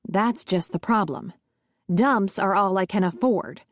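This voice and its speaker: A woman's voice: mid-range voice, a little slow, no room sound, clean studio sound, natural voice. A woman voicing a demanding, self-pitying middle-aged mother who is exasperated with her son. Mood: pushy exasperated. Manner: exasperated and pushy.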